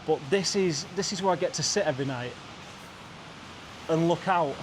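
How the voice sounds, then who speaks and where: A man's voice: on the high side, normal speed, background noise. A young British man with a British English accent, talking casually to camera as a travel vlogger, effusive and chatty, with a handheld camera. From Britain. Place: rented apartment and balcony, partly outdoors.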